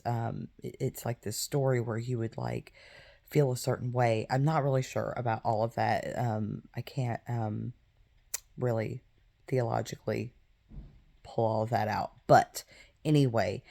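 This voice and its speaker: A woman's voice: rumbling low, creaky, dark tone. A woman in her thirties, hosting a faith podcast and retelling a Bible story in casual talk, with many fillers and asides. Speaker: podcast host.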